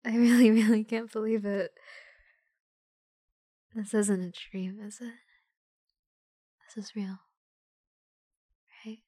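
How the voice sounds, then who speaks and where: Woman voicing a bashful young girl in whispered role-play, soft whispery voice, nervous and halting, slow delivery, dry close sound. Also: medium pitch, fairly even intonation, slightly rough, no room sound. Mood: flustered. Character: shy young woman confessing love to her close friend.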